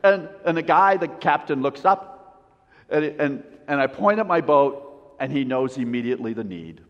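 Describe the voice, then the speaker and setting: A man preaching a sermon as a pastor, telling a story with lively swings and soft, intimate drops. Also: mid-range voice, moderate pace. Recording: long reverb, dull lo-fi sound.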